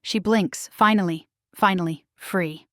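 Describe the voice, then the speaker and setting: A woman's voice: fairly low pitch, a little slow, no echo, clean studio sound. Woman narrating an emotional romance story. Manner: emotional, hushed dramatic reading. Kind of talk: first-person romance storytelling.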